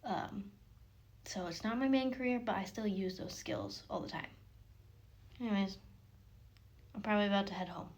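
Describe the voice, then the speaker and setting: A woman's voice: medium pitch, normal speed, pauses often, a little mellow. A young woman who works on a farm, talking casually through a vlog in a rambling way that often drops to a whisper. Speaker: farm worker vlogger. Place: outdoors on a farm, later an office.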